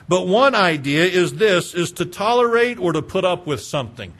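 Man, pastor, sermon, high voice, earnest, pleading, rhetorical questions. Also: fairly bright tone. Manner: earnest, pleading, slows for emphasis; talks directly to congregation with rhetorical questions.

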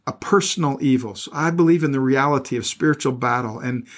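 A man's voice: medium pitch, fast talker. A middle-aged male pastor reading scripture aloud and breaking off into plain, earnest commentary, often repeating words as he goes.

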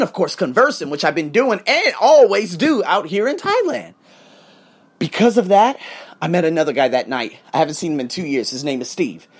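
A man tutoring and podcasting, talking in a casual vlog monologue and telling punchy, profane stories with quoted dialogue acted out. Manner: animated storytelling with acted-out quotes; profane and punchy, repeats "boom".

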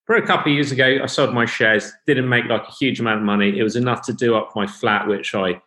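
A man hosts a podcast over a video call from his flat, and his voice carries a roomy echo. He rambles through his stories with plenty of ums, in a mid-range pitch. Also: fast. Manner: rambling, loosely storytelling with fillers. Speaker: podcast host. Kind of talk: casual podcast chat. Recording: roomy home sound.

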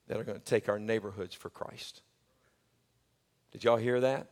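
A male pastor preaching a sermon, swinging from shouted peaks to joking, chatty asides. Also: medium pitch, normal speed. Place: church sanctuary. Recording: long church hall reverb.

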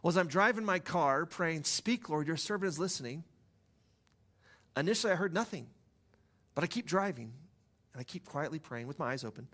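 Soft-spoken pastor, storytelling. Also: male voice, fairly high pitch, animated, a little fast. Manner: conversational storytelling, soft and hushed at times. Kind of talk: sermon.

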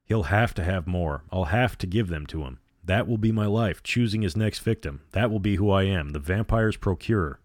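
A man's voice: low voice, moderate pace, hardly any pauses, no room sound. A man voicing a guilt-torn teenage girl who broods in an anguished inner monologue. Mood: brooding.

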